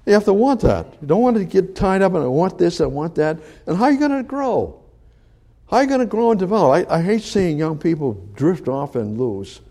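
A man preaching a sermon who teaches conversationally, repeats his phrases, and swings from loud emphasis to quiet asides. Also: sits high, very animated, brisk.

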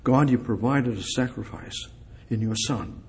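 A man preaching a sermon, speaking directly to God and repeating short phrases, swinging between loud emphatic lines and soft, hushed ones. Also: mid-range voice, unhurried, creaky. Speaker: pastor.

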